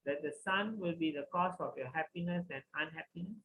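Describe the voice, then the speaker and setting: A man voicing a composed sage who speaks in a measured, reminding way. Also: fairly high pitch, narrow, tinny audio, a little hiss or hum, close to an everyday voice. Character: wise old sage, composed and knowing.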